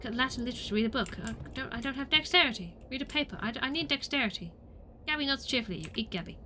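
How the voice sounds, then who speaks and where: A woman's voice: high-pitched, lively intonation, sharp tone, slight background noise. A woman streamer playing a game, playfully reading its narration aloud. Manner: playful, reads narration quickly. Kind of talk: let's play, reading game text aloud.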